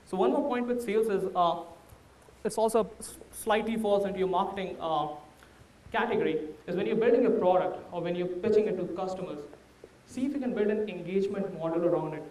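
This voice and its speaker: High-voiced Indian man in an echoey hall. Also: a little fast, a little mellow, far from the mic. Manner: candid, anecdotal, advising. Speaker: startup founder giving a talk. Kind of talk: conference talk to an audience. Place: large room before a live audience.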